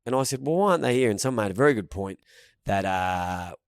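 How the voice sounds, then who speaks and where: An Australian man co-hosting a podcast, telling an animated, profanity-laced story in casual banter. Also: lowish voice, fast, clear, resonant tone. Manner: storytelling, swears freely, animated. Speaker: podcast co-host.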